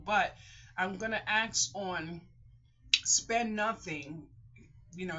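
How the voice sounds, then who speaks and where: Emotional older woman vlogging, husky and bright. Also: on the low side. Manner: emotional, rambling, repeating herself. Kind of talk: casual talking-to-camera vlog. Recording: muffled lo-fi home recording.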